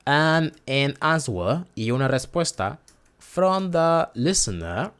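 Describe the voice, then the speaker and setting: A man's voice: fairly high pitch, animated, slow pace, a bit bright, clean tone. A man whose first language is Spanish teaches a casual lesson, hesitating and repeating words to model pronunciation.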